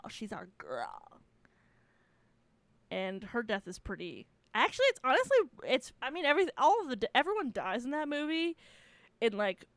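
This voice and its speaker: A woman's voice: a little high, fairly bright tone, no echo. A woman hosting a casual solo podcast, gushing, swearing freely and laughing often. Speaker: podcast host.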